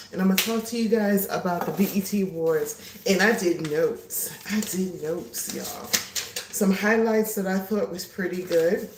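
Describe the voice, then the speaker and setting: A woman's voice: mid-range voice, distant mic, background noise. Chatty woman vlogging in an echoey kitchen. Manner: chatty, animated, greets viewers. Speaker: livestream host. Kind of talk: casual chat. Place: home kitchen.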